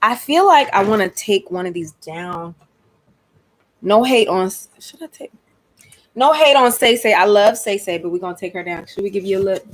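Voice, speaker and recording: A woman from Atlanta, hosting a casual livestream chat. She is chatty and expressive, and she calls her listeners "honey" and "y'all.". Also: medium pitch, normal speed. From Atlanta, Georgia, USA. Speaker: host.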